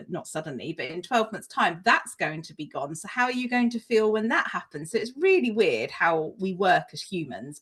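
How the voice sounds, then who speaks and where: A woman chats in a casual podcast, her voice swinging up and down with lively expression. She is candid and self-deprecating and breaks into laughter easily. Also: medium pitch, husky. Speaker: podcast co-host. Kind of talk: casual chat.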